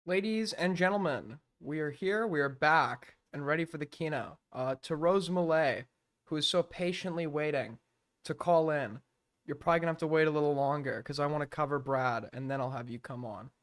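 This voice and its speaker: Profane streamer ranting into a dry mic. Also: male voice, a little high, brisk, no room sound. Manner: profane, mocking, rants. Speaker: streamer host. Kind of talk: casual live-stream commentary.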